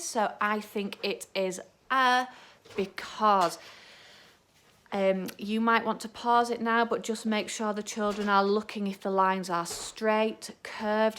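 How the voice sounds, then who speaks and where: A woman teaching a home maths lesson to young children, talking slowly and clearly in an encouraging teacher's manner. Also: mid-range voice, fairly bright tone, slight background noise. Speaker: early years teacher.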